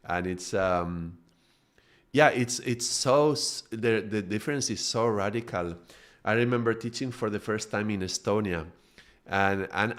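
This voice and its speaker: A middle-aged man from Spain with a strong Spanish accent, a native Spanish speaker, giving a casual live-streamed talk as a spiritual teacher. He tells stories in a quick, animated way, laughing often and restarting his sentences. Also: fairly low pitch.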